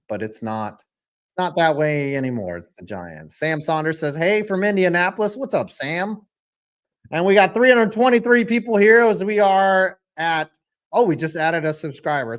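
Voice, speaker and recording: A man hosting a live stream, reacting to a football game, calling plays and reading viewer chat aloud in a joking, excitable way. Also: on the high side.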